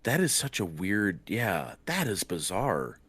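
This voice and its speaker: A man's voice: sits low, measured pace, husky. Guy guesting on a podcast, voice swoops up and down a lot, loose rambly talk with some swearing. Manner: expressive, loose and profane, with lots of "like" and "you know". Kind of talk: casual chat.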